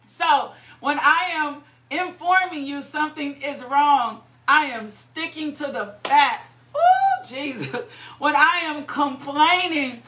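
Woman, sermon, high voice, bright, slow and fervent, cries out, echoey room. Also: slight background noise. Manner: fervent, breaks into high cries of "ooh" and laughter; preaches slowly with repeated phrases and prayers. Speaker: preacher.

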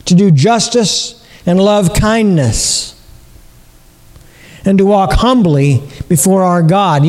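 A man with a high voice delivers a sermon as pastor. He preaches earnestly, repeating his points and asking rhetorical questions. His voice carries a long reverb from the church hall. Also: darkish tone.

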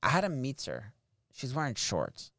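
A man's voice: medium pitch, wildly swooping pitch, measured pace, a bit bright, no echo, clean studio sound. A man hosting a podcast, telling a story in casual chat, swearing and laughing as he goes. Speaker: podcast host.

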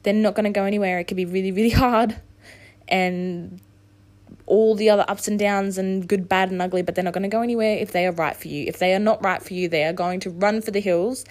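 A woman's voice: mid-range voice, fairly even intonation, fairly quick, a little mellow. A woman hosting her own solo podcast, frank and motivational, swearing freely while hungover. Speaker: podcast host. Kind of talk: casual solo podcast monologue.

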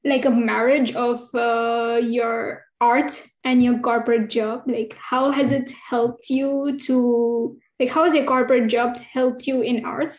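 A woman with a high voice interviews in a casual podcast, friendly and encouraging. Her voice carries a noticeable echo from the room. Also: steady tone, slow, few pauses. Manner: friendly, encouraging, with short backchannels. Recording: echoey room sound.

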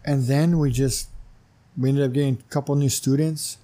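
Mellow-voiced man telling an animated story. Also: mid-range voice, moderate pace. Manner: animated storyteller who acts out dialogue, many "you know" fillers. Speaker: wrestling commissioner and gym owner, podcast guest. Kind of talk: casual storytelling interview.

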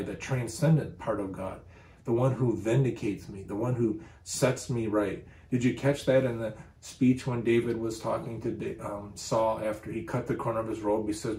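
A man delivers a sermon in an earnest, emphatic way, his voice low and mellow. He is recorded in a roomy, echoey space. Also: fairly even intonation, moderate pace. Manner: earnest, emphatic when quoting scripture. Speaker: preacher.

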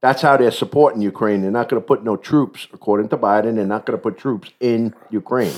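A podcast co-host in casual political chat, plainspoken and prone to repeating words. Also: male voice, on the low side, fairly quick, a little mellow.

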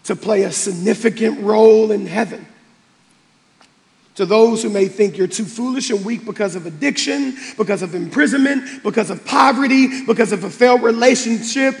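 High-voiced, gravelly preaching pastor. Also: male voice. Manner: passionate preaching, building to shouts. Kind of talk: sermon. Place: church sanctuary. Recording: reverberant church hall with faint music.

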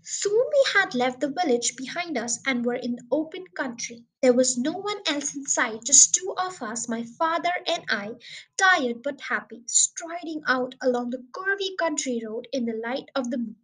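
A woman hosting a podcast, reading a children's book aloud in steady, clear narration. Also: sits high, moderate pace, rough recording. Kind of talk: storybook reading.

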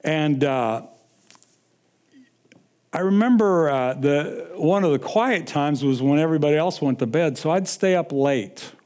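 Slow, animated male preacher. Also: on the high side. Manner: animated storytelling, sudden swings from loud to hushed; breaks into sung lines and laughter. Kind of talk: sermon with personal story.

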